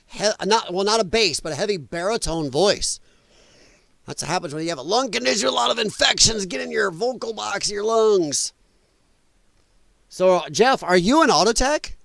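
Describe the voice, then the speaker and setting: A man's voice: sits high, a bit bright, no room sound. Blunt man with a cracking voice. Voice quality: voice cracking, strained. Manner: blunt, rambling, greets chat viewers by name. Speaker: livestream host. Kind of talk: casual political livestream chat. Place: home basement.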